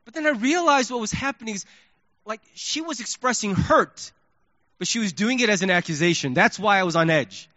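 A male pastor preaching a sermon, telling a story in an animated way and acting out his own reactions. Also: high voice, fairly quick, no echo, dull audio.

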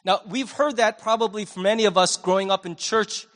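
A male pastor delivers a sermon in a conversational, animated way. His voice swings between loud and hushed, and it sits high for a man. A long reverb hangs in the large church hall. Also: a little fast.

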